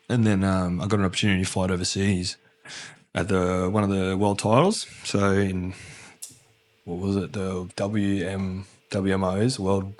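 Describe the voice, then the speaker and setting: A deep-voiced Australian man swaps rough, swear-laden stories on a podcast. His tone is blunt and casual, with laughter breaking in, and his voice sits low. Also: darkish tone. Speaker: guest. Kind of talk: casual interview chat.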